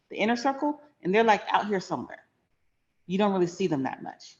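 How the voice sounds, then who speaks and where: A woman's voice: fairly low pitch, lo-fi sound. Frank, emphatic middle-aged woman. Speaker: finance channel host. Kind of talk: personal storytelling to camera.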